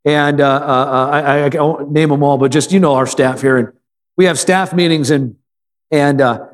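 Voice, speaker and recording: Male pastor, sermon delivery, somewhat high-pitched, church hall with long reverb. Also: steady tone, normal speed. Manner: call-and-response preaching with frequent amens; repeats phrases for emphasis, some filler stumbles. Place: church sanctuary.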